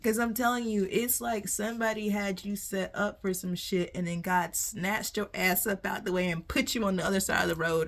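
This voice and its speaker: A woman doing a casual tarot reading for viewers, animated and laughing often, swearing freely. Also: mid-range voice, normal speed, few pauses. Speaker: tarot reader.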